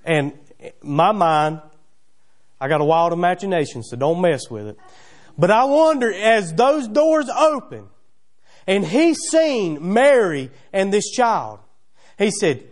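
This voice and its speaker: Man, church preacher, high voice, animated, folksy rhetorical questions. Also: slow. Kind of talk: sermon. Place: church sanctuary.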